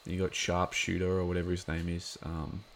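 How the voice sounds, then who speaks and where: A man's voice: low-pitched, completely flat delivery, fairly quick, a little hiss or hum. A man giving a casual watch-along commentary of an episode, chatty and rambling with lots of filler words.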